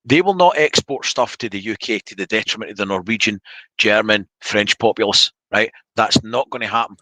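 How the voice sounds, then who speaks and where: A man's voice: lowish voice, fairly quick, bright, forceful tone, dry recording, poor audio. A man hosting a casual live-stream chat, blunt and opinionated with joking banter. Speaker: podcast host.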